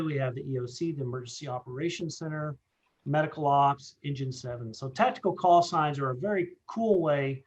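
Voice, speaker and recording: A man's voice: on the high side, muffled recording. A middle-aged man leading a radio communications training session, earnest and repetitive, with many fillers and restarts. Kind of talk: training presentation.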